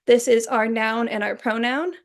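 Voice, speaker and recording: A young adult woman giving a recorded class presentation, explaining points in a clear, orderly way. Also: a little high, steady tone, normal speed. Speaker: student presenter.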